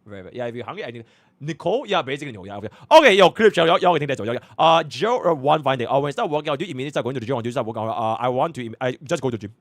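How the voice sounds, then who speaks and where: Young man streaming, casual chat, mid-pitched voice, repeats himself, dry close mic. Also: expressive, rapid-fire, no room sound. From Singapore. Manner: chatty, repeats filler phrases, mutters to himself.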